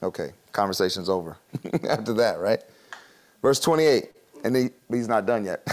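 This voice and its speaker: A man preaching a sermon in a casual, conversational way, laughing often and acting out quick voices as he teaches. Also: lowish voice, lively intonation, darkish tone. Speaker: pastor.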